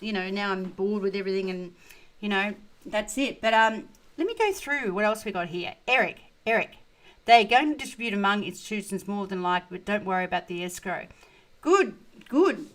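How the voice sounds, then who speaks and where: A woman's voice: medium pitch, brisk, poor audio. An older woman hosting a casual crypto livestream, blunt and chatty, full of "you know" and "right?", sounding tired. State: tired and thirsty, drinking beer. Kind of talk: casual livestream chat reading viewer questions.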